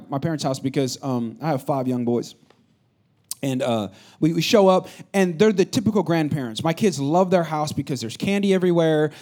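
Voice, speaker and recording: A man in his thirties, a pastor, preaching a sermon with animated storytelling that swings between loud and hushed. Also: on the high side.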